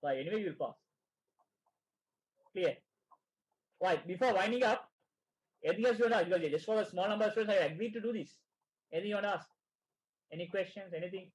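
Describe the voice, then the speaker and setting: A man with a high-pitched voice coaches students through exam preparation in an online session. He talks in short repeated phrases and keeps checking in with "right?" after nearly every point. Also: fast talker, pauses often, poor audio. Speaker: exam prep tutor.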